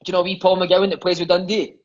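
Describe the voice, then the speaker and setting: A man's voice: sits high, fast talker, muffled recording. A Scottish man in his thirties, a former footballer telling stories in a casual chat. He swears freely and keeps dropping in "mate" and "eh". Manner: lively, swears freely, peppers speech with "mate" and "eh".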